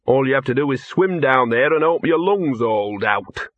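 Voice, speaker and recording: A man's voice: medium pitch, expressive, normal speed, dry recording, lo-fi sound, natural voice. A man voicing a sardonic, streetwise male talking dog who grumbles and sneers. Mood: grumbling. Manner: sardonic, grudging.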